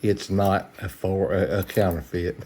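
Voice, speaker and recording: A middle-aged man, tired and yawning, narrates casually as he hunts through coin rolls at home late at night. His voice sits low and steady with a darkish tone, and he takes his time, chatting in an easygoing, folksy manner. A slight hiss or hum runs under the recording.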